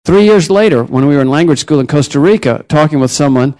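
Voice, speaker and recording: Man, preacher, missionary, sermon, storytelling, pitch swinging up and down, fairly high voice. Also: fast talker. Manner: storytelling, with lively rises and drops in pitch.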